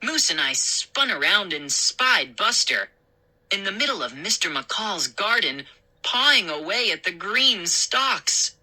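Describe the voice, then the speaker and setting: A woman reading a children's story aloud in an expressive, unhurried way. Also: medium pitch, low-quality recording.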